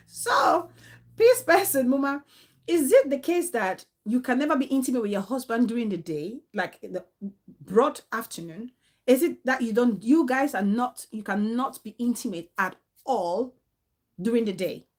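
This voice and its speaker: A woman's voice: on the high side, lively intonation, normal speed. A woman hosting a casual live talk show, chatting, laughing often and reading out viewer comments. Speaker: livestream talk show host.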